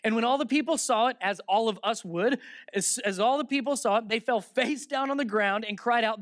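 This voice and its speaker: Animated preacher retelling scripture, dry sound. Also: male voice, very high voice, normal speed, no room sound. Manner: animated storytelling, shifting from loud sarcasm to hushed reverence; talks aside to the listeners between verses. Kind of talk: sermon, retelling and reading scripture.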